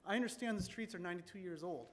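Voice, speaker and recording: A man's voice: high-pitched, rapid-fire. A man making a frustrated public comment at a city meeting, pressing pointed questions. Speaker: resident speaking at public hearing.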